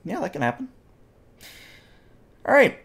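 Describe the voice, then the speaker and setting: A man running a tabletop role-playing game as game master, asking players questions with many fillers and pauses. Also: high-pitched, big pitch swings, vocal fry, a bit bright, husky. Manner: hesitant, filler-heavy, questioning.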